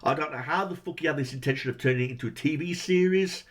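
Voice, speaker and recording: Brief: male reviewer, higher voice, profane exasperated rant full of rhetorical questions. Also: fast, a bit bright. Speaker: movie reviewer. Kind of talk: profane ranting movie review.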